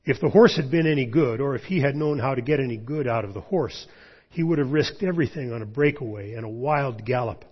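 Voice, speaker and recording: A pastor reading a storybook aloud in a measured, earnest voice, then leading a prayer. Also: male voice, mid-range voice, slightly rough. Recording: dull lo-fi sound.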